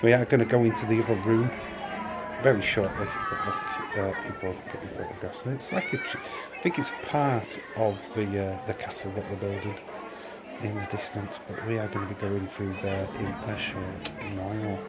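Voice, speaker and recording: Low-voiced man vlogging on a tour. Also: moderate pace, a loud crowd, very noisy. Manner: rambling, many fillers and restarts, chuckles often. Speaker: vlogger touring a film studio. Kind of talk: casual walking-tour narration. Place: outdoor and indoor studio tour sets.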